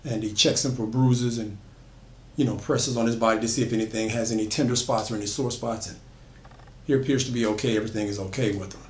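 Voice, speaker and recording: A man's voice: medium pitch, steady tone, fast, darkish tone, a little hiss or hum. A man retelling a horror story in a loose, conversational way, with frequent fillers and restarts. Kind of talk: casual spoken horror storytelling. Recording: echoey room.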